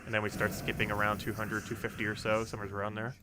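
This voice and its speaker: A man's voice: fairly low pitch, completely flat delivery, quick pace, background noise. A young man streaming a game, chatting casually and rambling with many ums while he plays and answers chat. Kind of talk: casual live-stream commentary while playing.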